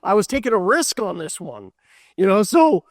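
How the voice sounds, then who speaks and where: A man giving a conference keynote, telling a story in a loose, animated way with many fillers and restarts, acting out what people said. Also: sits high, normal speed, no echo, clean studio sound. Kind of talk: storytelling talk.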